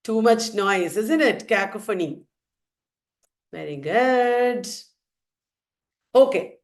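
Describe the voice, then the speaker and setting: A woman's voice: mid-range voice, lively intonation, takes it slowly, pauses often. A woman with an Indian English accent teaching literature, playfully quizzing her students and answering her own questions. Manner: playful, asks questions and answers them herself. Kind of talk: quizzing students in a revision lecture.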